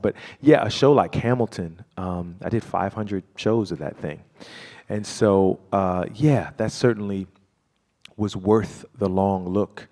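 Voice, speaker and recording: A man speaking as a guest before a live audience, reflective and halting, with many fillers and restarts. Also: fairly low pitch, a little mellow. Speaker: guest performer. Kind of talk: live stage conversation.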